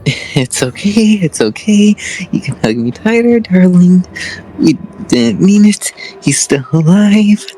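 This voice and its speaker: Lively-pitched woman doing a frantic mother in denial, casual horror game voice-over, faint game music behind. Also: slow, low-quality recording. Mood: soothing. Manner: pleading, desperate.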